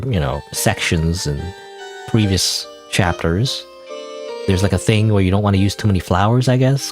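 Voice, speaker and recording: Deep-voiced rambling male streamer. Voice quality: naturally deep voice. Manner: rambling, self-deprecating, lots of fillers and laughs. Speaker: gaming streamer. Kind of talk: casual let's-play commentary.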